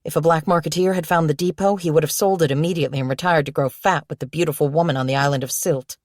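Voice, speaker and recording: A woman reading a novel aloud as narrator, in steady, measured storytelling. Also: low voice, no room sound, clean studio sound. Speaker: audiobook narrator. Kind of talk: scripted narration.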